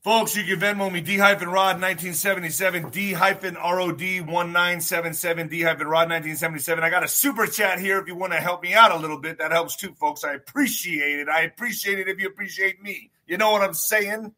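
A man's voice: sits high, fairly even intonation, fast, hardly any pauses, sharp tone. A man hosting his own livestream in casual talk, emphatic, repeating phrases and swearing freely. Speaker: show host.

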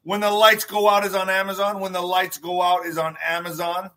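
A man's voice: high voice, completely flat delivery, a little fast, sharp tone. A man hosting his own livestream in casual talk, emphatic, repeating phrases and swearing freely. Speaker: show host.

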